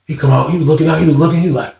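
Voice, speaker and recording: A man's voice: a little high, steady tone, racing, vocal fry, warm tone, reverberant. A man telling a story in a casual, slangy monologue and acting out the other people.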